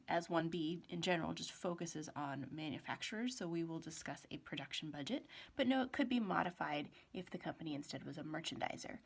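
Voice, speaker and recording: A woman's voice: lowish voice, vocal fry. A woman professor giving a recorded accounting lecture in a chatty way, asking rhetorical questions and muttering to herself while she writes.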